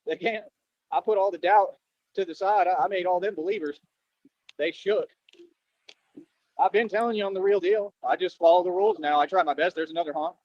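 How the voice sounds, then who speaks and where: Boastful fast-talking man, high voice. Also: no echo, dull audio. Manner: boastful, repetitive, earnest. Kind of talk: rambling street monologue.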